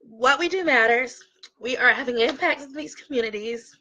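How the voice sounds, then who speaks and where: High bright-voiced woman, earnest real estate coach talking straight to camera, bit lo-fi sound. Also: moderate pace. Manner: earnest, impassioned, tearing up at times. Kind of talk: heartfelt direct-to-camera talk.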